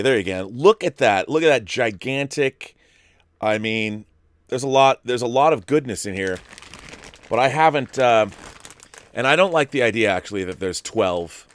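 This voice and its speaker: A middle-aged man hosts his own livestream, talking casually with playful, grandiose flourishes and rambling tangents. His voice sits low, and the sound is dry and close to the mic. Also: dry recording. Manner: playful, grandiose self-introductions, rambling asides. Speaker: show host. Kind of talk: casual solo livestream chat.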